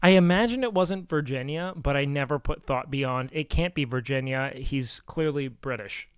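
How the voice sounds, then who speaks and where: A young man streaming, reacting in a loose, profane, excitable way. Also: mid-range voice, normal speed, clear, resonant tone, dry recording, studio quality. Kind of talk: casual live-stream reaction.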